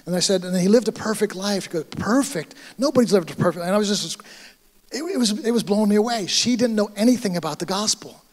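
A man's voice: sits high, fast talker, in a large hall. A man with an American accent, a pastor delivering a sermon and telling a story with acted-out dialogue. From United States. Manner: storytelling, acting out dialogue, animated. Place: church hall.

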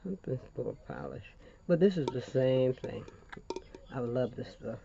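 A woman's voice: rumbling low, expressive, measured pace, creaky, warm tone, lo-fi sound, a little hiss or hum. An older woman with a Louisiana accent hosting a chatty crafting tutorial, folksy and rambling, calling viewers honey.

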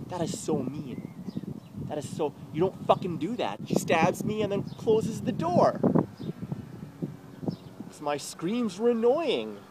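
A young man in a bitter, agitated confessional rant, swearing heavily. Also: fairly high pitch. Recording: noisy recording.

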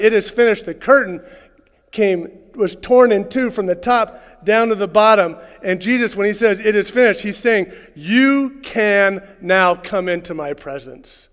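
A man preaching a sermon as pastor, swinging from loud, fervent lines to soft, hushed asides. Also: high-pitched, big-room sound. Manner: preacherly, rising to shouts and dropping to hushed tones. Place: church sanctuary.

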